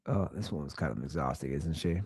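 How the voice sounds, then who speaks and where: A man's voice: a bass voice, a little fast, background noise. A man in his thirties hosting a podcast, ranting sarcastically in a comedic solo riff. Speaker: podcast host.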